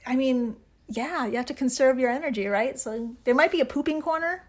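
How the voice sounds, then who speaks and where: A woman's voice: high voice, a little fast. Laughing, enthusiastic woman podcast host. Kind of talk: casual chat.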